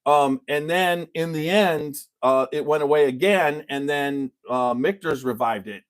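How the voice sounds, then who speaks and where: A man's voice: a little high, a little slow. A man hosting a casual bourbon tasting chat, telling stories in a loose, rambling way. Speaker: whiskey reviewer, show host.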